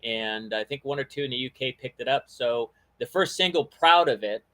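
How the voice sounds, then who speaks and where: In a casual talk show chat, a man serving as podcast host rambles amiably with lots of fillers and restarts. His voice is mid-range and a bit bright, at a moderate pace.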